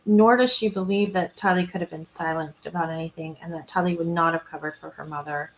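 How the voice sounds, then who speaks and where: On a roughly recorded true crime livestream, a woman with a low-leaning voice speaks briskly and with fairly even intonation. She's chatty and casual, retelling scenes, greeting viewers and answering their comments aloud, often restarting and saying um.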